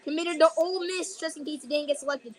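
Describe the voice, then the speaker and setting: High-voiced lady streaming, chatty rambling commentary, jokes around. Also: fast talker. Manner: chatty, rambling, jokey asides. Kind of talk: casual live draft commentary.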